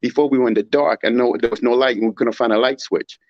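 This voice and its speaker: A man's voice: medium pitch, steady tone, fast talker, no echo. Man, opinionated casual talk, emphatic, muffled lo-fi sound. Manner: emphatic, rhetorical, mimics others in raised voice. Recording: dull muffled audio.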